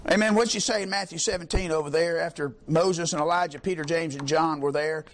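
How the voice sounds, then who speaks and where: High-pitched emphatic male preacher. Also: brisk, few pauses, slight background noise. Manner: emphatic, rhetorical call-and-response. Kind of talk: sermon.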